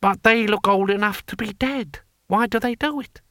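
A man voicing an excitable male imperial tax official who speaks high and slow. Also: no room sound, studio quality. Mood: aghast.

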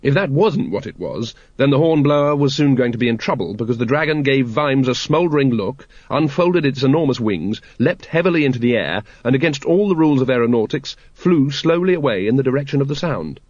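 Man, audiobook narrator, dry wry delivery, middle pitch, dead close room, slightly muffled sound. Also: animated, brisk, hardly any pauses, a little mellow, dry recording. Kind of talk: scripted narration.

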